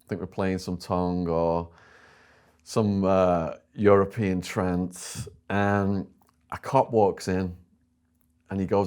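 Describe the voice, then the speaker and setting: A man's voice: low voice, takes it slowly, clean tone. A man with an English accent, an interview guest telling a story and acting out what others said. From England. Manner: animated storyteller voicing other people in quotes.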